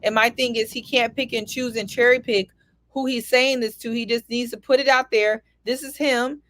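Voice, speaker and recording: Emphatic higher-voiced woman panelist. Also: fairly even intonation, moderate pace, a bit bright, no room sound. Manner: emphatic, opinionated. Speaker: podcast panelist. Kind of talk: casual panel discussion.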